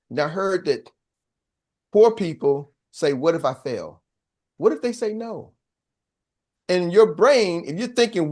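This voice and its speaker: A man coaching a sales team, preaching with call-and-response and acting out quick little voices. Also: sits high. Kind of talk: motivational training talk.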